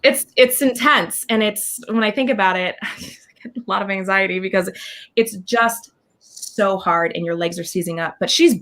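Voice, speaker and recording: A woman guest talking in an animated, casual interview, scatting rhythms and acting out what others said. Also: medium pitch, normal speed. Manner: animated, scats dance counts, acts out quotes. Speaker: guest performer.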